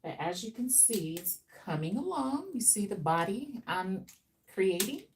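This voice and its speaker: A woman's voice: medium pitch, big pitch swings, unhurried, distant mic. Chatty, playful woman. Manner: chatty, playful, teasing viewers. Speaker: hair stylist streaming live. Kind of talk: live stream chat while styling hair. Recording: off-mic with faint background noise.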